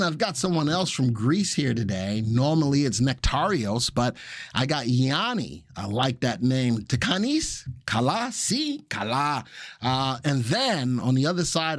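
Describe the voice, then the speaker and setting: A man's voice: mid-range voice, dry recording, clean studio sound. A man, hosting a casual stock-market live stream in an upbeat, jokey way and greeting viewers. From Brooklyn, New York. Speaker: livestream host of stock analysis show.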